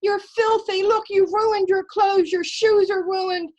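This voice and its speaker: A furious mother shrieks her scolding in a high, piercing voice that is much higher than the storyteller's own, as a woman puts her on. Each line comes out loud and hard, with a shrill edge. She is scolding, not talking. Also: fairly even intonation, slow pace, muffled recording. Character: furious screaming adult mother.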